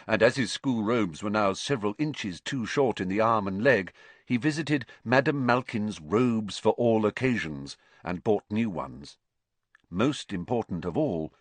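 Deep-voiced man narrating an audiobook with animated delivery. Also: no room sound. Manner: animated, theatrical storytelling.

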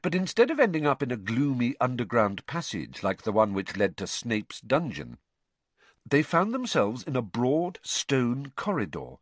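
A man narrating an audiobook in an expressive, measured way. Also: medium pitch, dry recording.

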